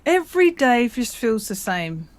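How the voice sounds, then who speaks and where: A woman hosting a casual chat, talking in an animated, chatty way and often cutting in. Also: fairly high pitch, unhurried. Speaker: host.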